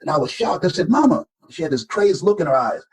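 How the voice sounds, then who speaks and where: Husky older storyteller man. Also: fairly high pitch, animated, fast talker, rough recording. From Florida, United States. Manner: emphatic storyteller who acts out quoted voices. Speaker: motivational speaker. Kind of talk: interview storytelling.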